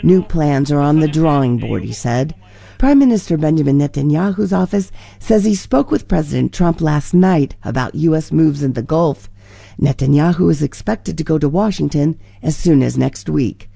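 Gravelly-voiced woman correspondent. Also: low voice, lively intonation, moderate pace, dark tone, no room sound. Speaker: foreign correspondent. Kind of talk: radio news report.

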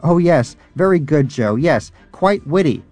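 A man's voice: medium pitch, animated, normal speed, mellow, soft background music, voice pushed up, close to an everyday voice. A man voicing a smug, gluttonous male pet rodent who mocks with theatrical, posh phrasing. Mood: sarcastic.

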